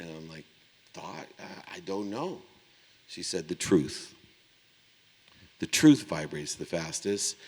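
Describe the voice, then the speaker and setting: Man, middle-aged, keynote storyteller, acts out dialogue, lower voice, long reverb. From Ohio, USA. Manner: animated, acts out dialogue with big swings in pitch and volume. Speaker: keynote speaker. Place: large conference hall.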